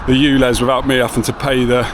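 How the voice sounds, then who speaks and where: A man's voice: medium pitch, flat delivery, quick pace. A man casually vlogging as he walks around town, rambling and laid-back with the odd swear word. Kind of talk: casual walking vlog. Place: outdoors on town streets and in a car. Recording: street noise behind.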